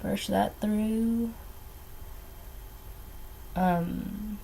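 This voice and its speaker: A woman's voice: medium pitch, fairly even intonation, extremely slow, gravelly, dark tone, slight background noise. Young woman rambling through her makeup. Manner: rambling, hesitant, many ums and trailing asides. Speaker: beauty vlogger. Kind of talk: casual get-ready-with-me chat. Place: at home doing makeup.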